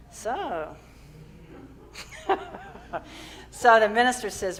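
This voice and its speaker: A woman's voice: medium pitch, steady tone, moderate pace, in a large hall. A woman minister giving a sermon in a church, storytelling with easy humor and encouragement. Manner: encouraging, uplifting. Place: church sanctuary.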